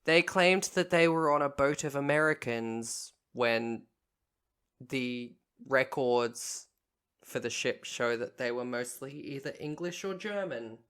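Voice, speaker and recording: A woman's voice: extremely low pitch, slow, clean tone. A woman co-hosting a podcast, telling a history story point by point in a casual way and correcting herself as she goes. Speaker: podcast co-host.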